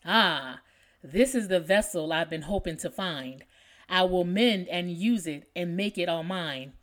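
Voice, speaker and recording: A woman reading a gentle, earnest master. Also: on the low side, measured pace. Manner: earnest, tender. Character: kind, gentle male master, firm.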